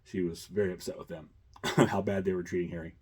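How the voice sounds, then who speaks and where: A man's voice: low voice, fairly even intonation, brisk, darkish tone, breathy edge. A man hosting a casual chat, rambling with many fillers and chuckles. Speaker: host.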